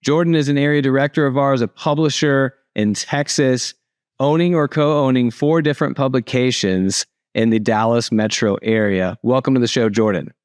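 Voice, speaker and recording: A man's voice: mid-range voice, moderate pace, clear, resonant tone, no echo, clean studio sound. A man hosting an interview podcast, upbeat and chatty, often restarting his sentences. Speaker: podcast host.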